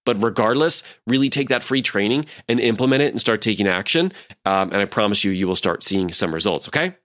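A man's voice: fairly low pitch, lively intonation, a little fast, a bit bright. A man in his forties hosting a podcast as a leadership coach, talking casually with many fillers and acted-out quotes. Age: 40s.

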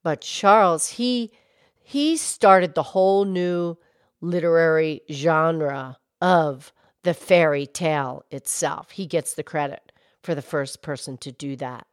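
A lowish, unhurried voice belongs to a wise, patient cartoon cow, played by a woman. She explains things slowly and gently, like a teacher, on a playful kids' podcast. The sound is close and dry, with no room around it. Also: clean tone, dry recording. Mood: explaining. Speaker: podcast co-host.

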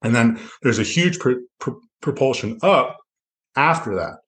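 Expressive and a bit bright, his mid-range voice moves a little slowly. He's a middle-aged South Florida loan officer appearing on a podcast, musing reflectively in casual interview talk that rambles and keeps restarting.

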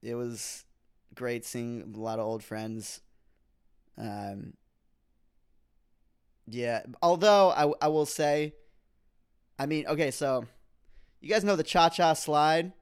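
A man's voice: mid-range voice, slow, pauses often, clear, resonant tone. A young man hosting his own podcast, rambling through a comedic rant and breaking off mid-thought before building to exasperation. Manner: rambling, self-interrupting, rises to animated exasperation. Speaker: podcast host.

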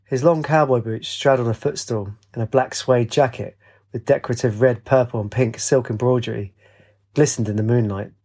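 A man reading a fantasy story aloud in a steady, descriptive storybook narration. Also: medium pitch, moderate pace.

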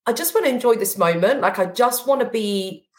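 A woman who runs a business, speaking as a podcast guest, emotional and halting, with many fillers. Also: on the high side, lively intonation. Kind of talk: casual interview chat.

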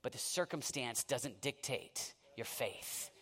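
A man preaching a sermon with impassioned delivery, swinging from near-shouting to hushed intensity and telling stories with acted-out asides. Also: medium pitch, expressive. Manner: storytelling with quick asides and acted-out quotes.

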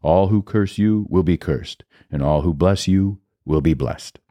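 A man's voice: low voice, dark tone, no room sound, clean studio sound. Man reading a solemn old father. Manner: slow, solemn pronouncement.

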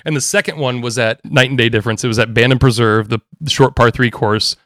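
Man, golf caddie, rapid animated storyteller, dry close sound. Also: medium pitch, dry recording. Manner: animated, quick, laughing storyteller. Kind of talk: casual storytelling chat.

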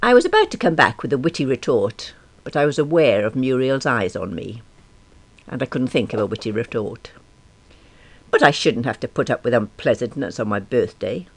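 A woman of about fifty reads a first-person diary-style story in a wry, self-deprecating and expressive way. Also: rumbling low, moderate pace. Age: around 50. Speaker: narrator.

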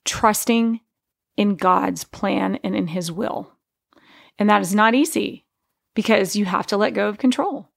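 A woman's voice: medium pitch, unhurried, gravelly, dry recording, clean studio sound. A woman in her forties giving an earnest, conversational faith testimony, full of fillers and restarts. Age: 40s.

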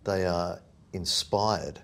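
A man's voice: sits low, extremely slow. A man in a thoughtful academic discussion, searching for his words and correcting himself as he raises questions. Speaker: podcast discussant.

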